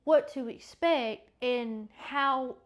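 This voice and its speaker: A woman's voice: high-pitched, extremely slow. A woman hosting a faith podcast who chats in a rambling, self-correcting way and sounds a bit congested. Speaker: podcast host. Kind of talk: casual faith chat and Bible reading.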